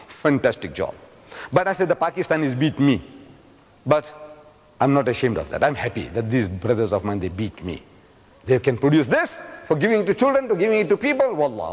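A man's voice: medium pitch, husky. Older man lecturing in a reverberant hall. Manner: animated, teasing rhetorical questions to the audience. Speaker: religious lecturer. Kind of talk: public lecture with storytelling.

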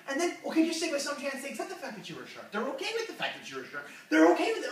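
A man's voice: extremely high pitch, sing-song, quick pace, pushed and bright. Rambling man hosting a comedy show. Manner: rambling, loses his train of thought, jokey. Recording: echoey room, far from mic.

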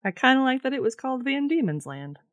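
A woman co-hosting a casual podcast, reading from her notes in a relaxed way. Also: high voice, fast, dry recording. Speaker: podcast co-host, researcher.

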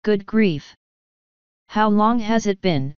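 A woman's voice: medium pitch, animated, slow, clear, resonant tone, no room sound, pitched above the performer's own voice. A woman voicing a naive, earnest male prisoner who speaks muffled through a stone wall, in a storybook reading. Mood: cheerful.

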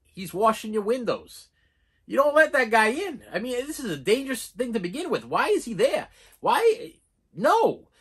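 A man giving casual movie reviews in an excitable, rambling way, full of restarts and fillers. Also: high-pitched, breathy edge.

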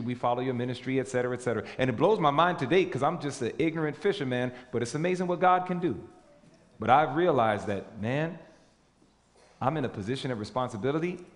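Animated man preaching in a reverberant hall. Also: medium pitch. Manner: animated, emphatic, asks the audience questions. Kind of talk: sermon.

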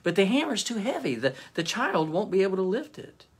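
A man's voice: medium pitch, very animated, unhurried, vocal fry, sharp tone, breathy edge, full character voice. A man voicing an anxious, wealthy old magus who pleads and stammers. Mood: pleading.

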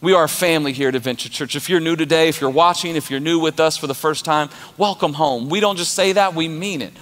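A man's voice: on the high side, fast, fairly bright tone. A man preaching an emphatic, passionate sermon as pastor of his church. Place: church auditorium. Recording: long church reverb with music.

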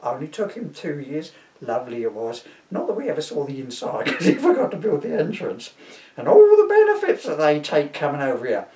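A man's voice: a little high, wildly swooping pitch, a little fast, a little mellow. A man voicing a gossipy, indignant working-class housewife who grumbles at length. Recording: roomy, from a distance.

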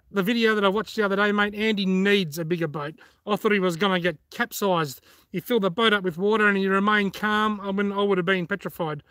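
A chatty Australian man with a fairly high voice, recorded dry and close with no room sound. He is middle-aged and talks casually on a live stream, reading out comments and chuckling at his own jokes. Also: bright, forceful tone, dry recording. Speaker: fishing channel host.

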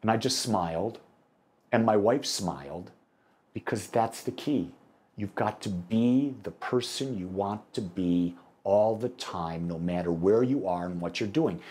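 A middle-aged American minister preaching a sermon, telling a story with animated delivery and acting out the dialogue. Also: male voice, lowish voice, a little slow. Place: church sanctuary.

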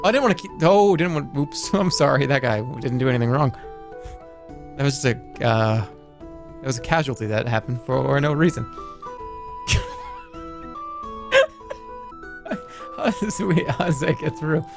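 A man streaming a game, chatting casually and joking as he reacts out loud to what happens. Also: mid-range voice, fairly quick, vocal fry, over music. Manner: playful, jokey, reacts out loud, swears. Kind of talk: casual live-stream gameplay commentary.

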